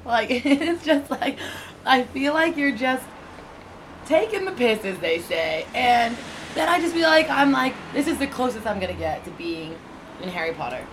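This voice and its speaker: A woman with an American accent, co-hosting a casual podcast, expressive and teasing and quick to laugh. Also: a little high, a little hiss or hum, poor audio. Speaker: podcast co-host. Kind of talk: casual banter.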